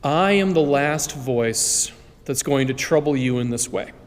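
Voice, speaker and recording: A man's voice: mid-range voice, measured pace, natural voice. A male priest voicing a polite, formal voice inside a man's head that offers him righteousness. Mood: courteous. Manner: formal, courteous. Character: polite, respectful final inner voice. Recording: long church reverb.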